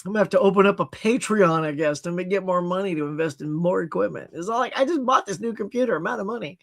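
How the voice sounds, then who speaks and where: A man hosting a casual livestream from his home setup, chatting about new movie releases in an animated way and laughing at himself. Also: high-pitched, fast, creaky. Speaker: livestream host. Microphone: computer with HD webcam.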